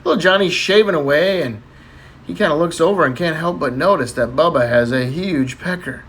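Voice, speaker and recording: A man's voice: brisk, fairly bright tone, a little hiss or hum. A man telling dirty jokes in a casual way and laughing at his own punchlines. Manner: chuckling, breaks into high laughter. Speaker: comedian.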